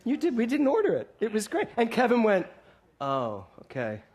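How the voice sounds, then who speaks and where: Here the minister's voice is very high-pitched, husky and a little mellow, and he talks at a quick, very animated clip. Preaching in a hall through a stage mic, he entertains the congregation with humorous stories, acting out the dialogue as he goes.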